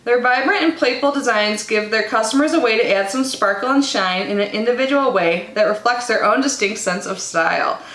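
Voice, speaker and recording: A chatty woman with a higher-pitched voice, unboxing a subscription box at home. She talks in a bubbly, casual way and reads the product cards aloud. The room is noticeably echoey. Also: brisk, few pauses, fairly bright tone.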